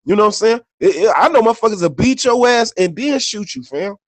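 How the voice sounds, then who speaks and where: A high-pitched, animated man talks briskly on a podcast he co-hosts, telling stories in loose, slangy, profane chat peppered with "you know what I'm saying." No room sound is present.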